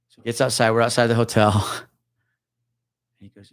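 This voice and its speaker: A man in his forties, a retired police officer, telling a profane, animated story as a podcast guest. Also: lowish voice, brisk, gravelly, long pauses, no echo, clean studio sound. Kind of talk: casual storytelling chat.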